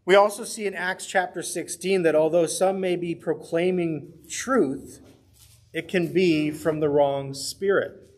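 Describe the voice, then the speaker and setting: A male pastor leading a midweek Bible study, talking in an earnest, conversational way. His voice sits a little high and has a husky edge. Now and then he slips into the voices of the people he quotes. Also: steady tone, measured pace.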